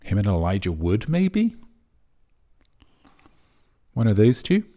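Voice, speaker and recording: A man's voice: fairly low pitch, fairly quick, dark tone. A man hosting a comic live quiz in a pompous, rambling, mock-serious manner. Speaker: quiz host.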